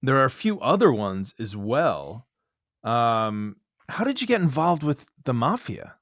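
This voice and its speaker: A man's voice: medium pitch, sing-song, a little slow, fairly bright tone, dry recording, clean studio sound. A man hosting a podcast interview, asking curious questions and laughing along with the guest. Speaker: podcast host.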